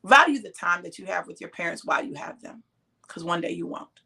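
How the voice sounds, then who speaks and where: A woman's voice: fairly low pitch, expressive, brisk, creaky, bright, forceful tone, slightly rough. A middle-aged woman preaching straight to her listeners, emphatic and direct, drawing out the words she stresses. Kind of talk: sermon-style exhortation.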